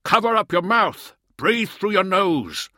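A man's voice: lowish voice, normal speed, bright, forceful tone, dry recording, clean studio sound. A man voicing a stern, hardened ice mariner. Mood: shouting. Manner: barking orders, stern. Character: hardened male ice mariner, blunt and commanding.

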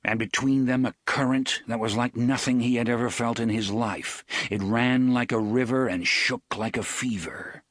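A man reading a novel aloud in measured, intimate audiobook narration. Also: medium pitch, steady tone, a bit bright, no room sound, studio quality.

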